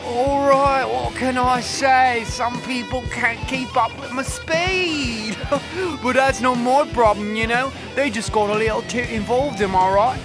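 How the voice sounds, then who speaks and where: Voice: medium pitch, unhurried, few pauses, over music, voice pushed up, natural voice. A podcast host voicing cocaine as a cocky, callous bloke who drawls slang like "oi" and "mate".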